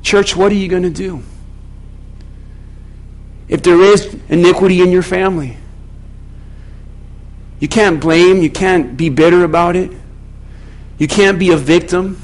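High-voiced pastor preaching directly. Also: male voice, unhurried, pauses often, poor audio. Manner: direct, questioning the congregation. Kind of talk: sermon.

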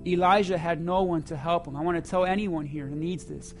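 A man preaching a sermon to his church, swinging between loud emphasis and hushed asides. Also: a little high, steady tone, a little fast, soft background music. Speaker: pastor.

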